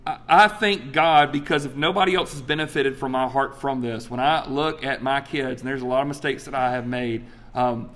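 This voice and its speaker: A man in his forties preaching a sermon, telling a personal story with animated swings between loud exclamations and soft, earnest asides. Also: on the high side. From United States. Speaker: pastor.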